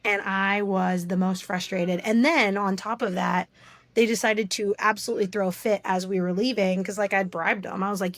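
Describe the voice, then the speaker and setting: A woman's voice: medium pitch, moderate pace, dry recording. A woman in her thirties, a podcast guest, talking openly and telling stories with animation. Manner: open, animated storytelling. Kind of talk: casual interview chat.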